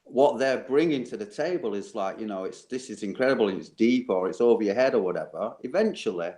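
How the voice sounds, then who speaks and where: A man's voice: fairly low pitch, expressive, quick pace, darkish tone. Enthusiastic man on a video call. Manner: enthusiastic, repeats "you know". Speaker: panel member. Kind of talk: casual online panel chat.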